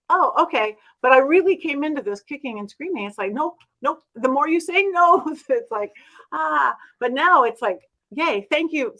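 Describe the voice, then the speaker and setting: A woman with a high voice tells her story in an interview, acting out the other voices with lively shifts. She talks as a spiritual medium, animated and expressive. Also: low-quality recording. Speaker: guest, medium.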